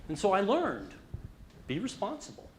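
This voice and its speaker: Lively middle-aged man leading a workshop. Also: high-pitched, normal speed, a little hiss or hum. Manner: animated, asks the audience questions. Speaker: workshop presenter. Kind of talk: interactive leadership workshop talk.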